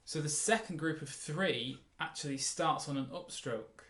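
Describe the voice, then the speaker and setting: A man teaching a mandolin lesson, explaining in a relaxed way and counting the beats aloud. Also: a little high, brisk, few pauses, over loud music. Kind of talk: casual music lesson. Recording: roomy sound with mandolin playing.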